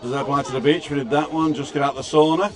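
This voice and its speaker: A British man hosts a casual livestream outdoors on a street, reading viewer comments aloud and greeting people by name with wry asides. His slightly high voice is steady and fast, with music in the background and busy crowd noise all around.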